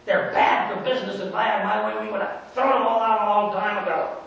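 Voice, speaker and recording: Male pastor doing a sneering merchant in a sermon monologue, very high-pitched, sarcastic, echoey church from far off, faint hiss. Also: steady tone, fast, a bit bright, muffled recording. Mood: scornful. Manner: sarcastic, dismissive storytelling. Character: scornful male merchant at the roadside, grumbling about beggars. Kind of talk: first-person dramatic sermon monologue. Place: church sanctuary. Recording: echoey church from a distant mic.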